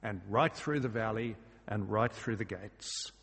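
A man's voice: lowish voice, measured pace, a bit bright, husky, in a large hall. A man preaching a sermon in a church, earnest and emphatic, asking his listeners rhetorical questions. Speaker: pastor.

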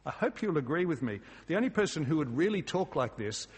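A man's voice: fairly high pitch, big pitch swings, a little fast, breathy edge, big-room sound. A man preaching a sermon in a church, earnest and emphatic, asking his listeners rhetorical questions. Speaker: pastor.

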